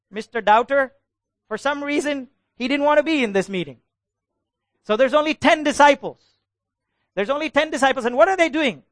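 A man preaching a sermon as pastor. He is animated and keeps asking the congregation questions, calling for them to answer aloud. The recording is dry and close. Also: sits high, dry recording.

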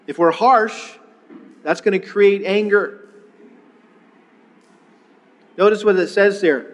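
A male pastor gives an earnest sermon in a fairly high voice. He often repeats a word as he starts a phrase. The sound rings with the long reverb of a large hall. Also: unhurried.

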